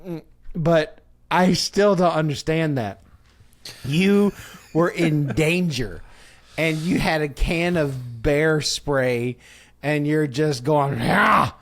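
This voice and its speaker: A man co-hosting a comedy podcast, telling stories in a casual, animated way with frequent laughter and acted-out quotes. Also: fairly high pitch, slow. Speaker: podcast co-host.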